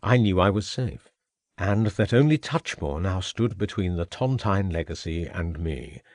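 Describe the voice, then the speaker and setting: A scheming Victorian gentleman murderer who sneers and gloats as he threatens the inspector, as a male narrator puts him on. His voice sits low and mocking, recorded close and dry. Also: lively intonation, a little slow, dry recording. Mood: gloating.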